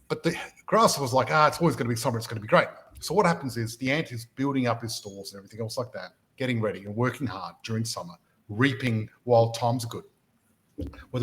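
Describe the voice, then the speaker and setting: A man hosts a motivational podcast with a lot of energy. He often stumbles over the first words of a sentence before he gets going. His voice sits at an ordinary middle pitch. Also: low-quality recording. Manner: energetic, repeats words when starting sentences, storytelling. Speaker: podcast host and property mentor.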